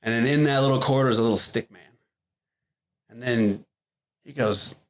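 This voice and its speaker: A blunt middle-aged man talks candidly as a podcast guest. His voice sits at an ordinary pitch, and he swears freely. He fills his sentences with "like" and "you know" as he tells the story. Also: moderate pace, long pauses. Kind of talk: candid interview talk.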